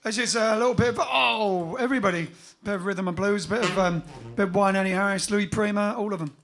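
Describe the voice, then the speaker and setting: High-voiced chatty man. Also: fairly quick, creaky, a bit bright. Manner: chatty, jokey, rambling with fillers. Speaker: bandleader hosting a livestream. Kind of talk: casual chat. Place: small indoor studio room.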